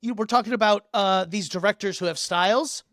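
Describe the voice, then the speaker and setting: Young male podcast co-host, loud and animated, laughs often, dry close mic. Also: sits high, fairly quick, no room sound. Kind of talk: casual chat.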